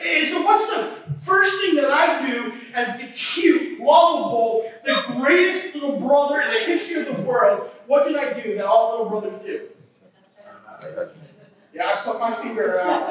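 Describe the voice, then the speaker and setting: A man's voice: very high-pitched, a bit bright. A man preaching a sermon in a church, talking to the congregation in a conversational way and asking "right?" again and again. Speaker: pastor. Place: church hall. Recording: echoey hall, voice from far off.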